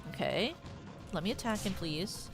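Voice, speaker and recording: A young woman comments live on her gameplay, cursing often and breaking into sudden shouts of frustration. Between outbursts she mutters her choices quietly. Her voice sits at an average pitch. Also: expressive, moderate pace, music in the background. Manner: foul-mouthed, sudden loud outbursts. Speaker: game streamer.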